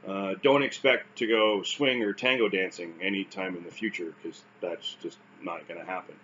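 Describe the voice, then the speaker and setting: A man's voice: sits low, fairly even intonation, normal speed, a bit bright. Canadian man, casual vlog delivery, wry and self-deprecating, lo-fi muffled sound with faint hiss. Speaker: vlogger recounting stroke recovery. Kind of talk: casual talk to camera.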